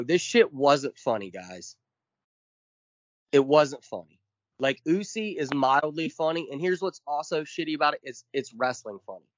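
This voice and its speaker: Podcast co-host, man, high-ish voice, emphatic profane rant, dull dry lo-fi sound. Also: no echo. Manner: emphatic, profane, counts off points.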